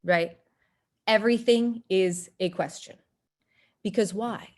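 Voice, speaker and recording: A woman from North Texas, presenting an online workshop and acting out quotes in lively voices. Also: slow pace. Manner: animated, acts out quoted voices with big pitch jumps.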